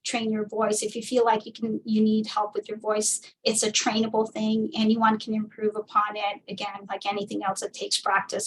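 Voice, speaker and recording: A woman's voice: medium pitch, monotone, normal speed, hardly any pauses, a bit bright. A woman physician giving an informal talk, speaking conversationally with many fillers and restarts. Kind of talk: informal presentation lecture. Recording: distant mic, faint background noise.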